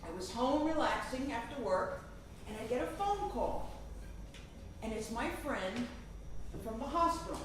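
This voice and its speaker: High-voiced woman telling a stand-up story. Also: a little slow, pauses often, very echoey, distant mic, background noise. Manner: animated, dramatic storytelling. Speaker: stand-up comedian.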